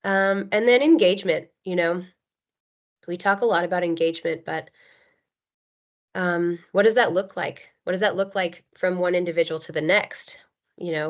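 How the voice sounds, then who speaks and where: Woman teaching over a dull video call. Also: on the low side. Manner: earnest, many ums and you knows. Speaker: occupational therapist presenter. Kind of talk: webinar teaching talk.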